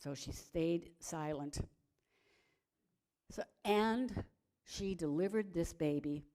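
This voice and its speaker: A woman telling a gentle children's story at a worship service, pausing to ask the audience questions. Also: fairly low pitch.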